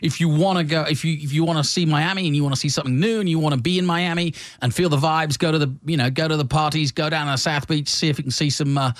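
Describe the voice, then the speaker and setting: A chatty male host talking motorsport with a guest, in a fairly high voice. His sound is dry and close, with no room around it. He banters and teases, and often stops to restart a sentence. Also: steady tone, fast talker, few pauses, dry recording. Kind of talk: casual motorsport chat.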